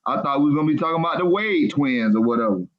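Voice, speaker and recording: A man calling in as a guest on a livestream panel speaks earnestly, slowly and haltingly. His voice sits a bit high, and the audio is dull and lo-fi. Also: animated. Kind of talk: casual chat.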